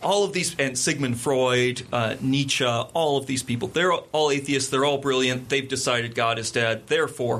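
A man in a casual chat, an animated storyteller who laughs often while retelling a film plot. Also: medium pitch, moderate pace, hardly any pauses.

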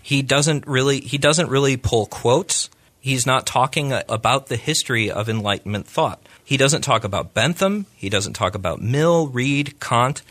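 A man co-hosting a podcast, critiquing a book in casual, animated discussion. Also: mid-range voice, moderate pace. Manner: animated, puts on voices when retelling. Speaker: podcast co-host.

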